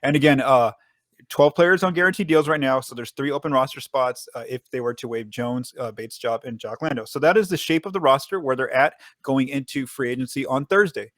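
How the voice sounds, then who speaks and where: A man hosts a casual sports podcast, rattling along at a quick clip. He stumbles and restarts often and leans on fillers. His voice sits dry and close, with no room sound. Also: mid-range voice, fairly bright tone, no room sound. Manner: fast, filler-heavy, frequent restarts. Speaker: podcast host.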